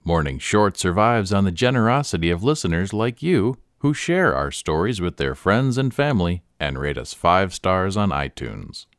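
A man hosting a short-story podcast, reading in a measured, expressive narration on a close studio mic. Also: sits low, no room sound. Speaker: podcast host and story reader. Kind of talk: scripted narration.

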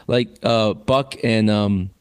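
A man's voice: lowish voice, steady tone, slow pace, clean tone, dry recording. A man co-hosting sports radio, talking casually with hesitant fillers.

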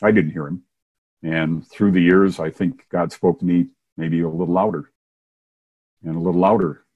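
An older man, a Methodist minister and former science teacher, telling his story in a relaxed interview with chuckles along the way. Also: sits low, normal speed, husky, narrow, tinny audio. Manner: warm anecdotal storytelling with chuckles. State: hard of hearing, wears hearing aids.

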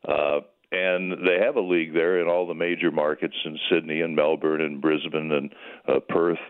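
Older man, very deep voice, folksy broadcaster, tinny phone line. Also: level tone, normal speed, clear, resonant tone. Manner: folksy, chatty, many fillers and restarts. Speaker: retired sports broadcaster, phone guest. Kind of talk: reminiscing interview answers. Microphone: telephone.

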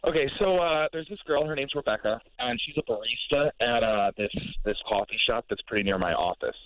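A man's voice: medium pitch, fairly quick, no echo, narrow, tinny audio. A young man calling in to a radio show, talking in a hesitant, rambling way full of fillers. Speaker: caller. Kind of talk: casual radio call.

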